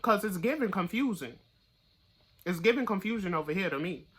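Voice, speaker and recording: Tarot reader talking straight at you, bright sharp voice, cusses a lot, gets loud and high when hyped. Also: animated, a little fast, husky. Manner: blunt, profane, pep-talk delivery; gets louder and higher when fired up. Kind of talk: casual tarot reading monologue.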